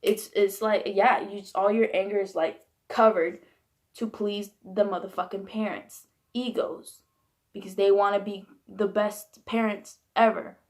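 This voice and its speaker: A woman's voice: mid-range voice, steady tone, unhurried. A young woman in her twenties venting bluntly and heatedly about her upbringing, swearing freely in a candid vlog. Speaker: vlogger. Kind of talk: candid personal rant.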